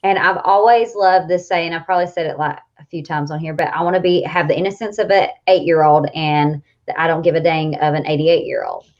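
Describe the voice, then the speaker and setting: A woman's voice: low-pitched, expressive, fairly quick, hardly any pauses, a little mellow. A woman in her thirties with a Southern accent, chatting animatedly as a coach and co-host, often laughing. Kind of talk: casual chat. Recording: dull lo-fi audio.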